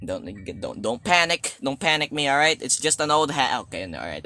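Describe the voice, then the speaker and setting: Bright-voiced excitable young gamer guy. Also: mid-range voice, fairly quick, hardly any pauses, dry recording. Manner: jokey, excitable, talks to the game character. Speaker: gaming YouTuber. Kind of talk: let's play commentary.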